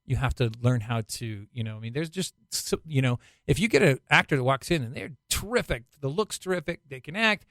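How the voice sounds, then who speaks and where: A man speaking as a casting director guest, giving advice in quick, animated bursts. He talks in a mid-pitched voice and acts out the people he quotes. The sound is close and dry. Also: dry recording. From Utah. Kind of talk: conversational advice.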